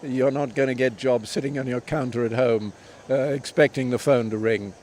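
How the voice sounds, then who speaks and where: A man in his seventies, a tennis commentator and author, answering interview questions in a measured, anecdotal way with frequent pauses and restarts. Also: mid-range voice, fairly even intonation, darkish tone, a little hiss or hum. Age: 70s.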